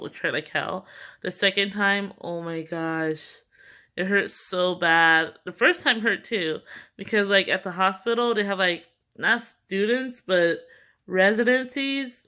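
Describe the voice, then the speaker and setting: A young woman in her twenties telling a candid, animated story to camera in casual storytime chat, full of "like" and cussing. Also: lowish voice. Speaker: vlogger.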